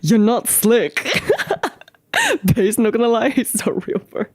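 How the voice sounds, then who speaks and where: A woman streamer chatting casually with her viewers, giggling often and breaking into squealing high laughs, with a slangy way of talking. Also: very animated, takes it slowly, no room sound. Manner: talks to chat, slangy. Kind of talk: casual live-stream chat reacting to clips.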